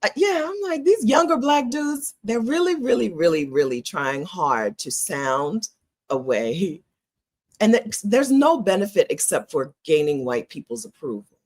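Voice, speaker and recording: A woman's voice: mid-range voice, a little slow. A middle-aged American woman vlogging in a casual, opinionated way, emphatic and laughing often. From United States. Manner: animated, emphatic, laughs often, repeats phrases.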